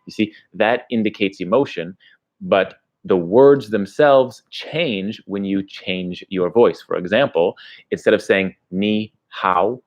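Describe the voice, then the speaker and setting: A man's voice: fairly low pitch, a little slow, a little mellow. Rambling man on a lo-fi livestream. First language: English. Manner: rambling, chatty, answers viewer questions. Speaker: travel vlogger. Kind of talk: casual livestream chat.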